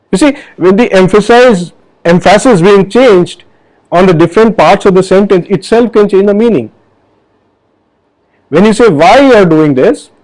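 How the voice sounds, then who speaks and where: A man's voice: high voice, darkish tone, poor audio. A man hosting an online health forum, talking to camera in an earnest, explanatory way with many fillers and restarts. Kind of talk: casual video talk to camera.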